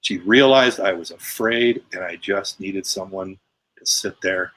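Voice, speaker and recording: A man speaks as a podcast guest and tells a personal story in a low voice. His delivery is emphatic and conversational. He often retells moments with quoted dialogue. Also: measured pace, fairly bright tone. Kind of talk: casual storytelling.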